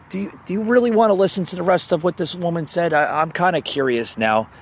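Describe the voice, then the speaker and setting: A man's voice: sits high, normal speed. A man hosting a podcast, ranting heatedly about politics, stammering and repeating himself as he gets worked up, with bursts of mocking sarcasm. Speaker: podcast host.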